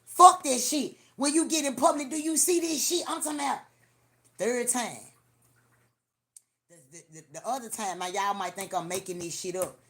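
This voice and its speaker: Woman, livestream host, casual storytelling, profane, animated, repeats herself. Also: a little high, normal speed. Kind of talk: casual storytelling to a live audience.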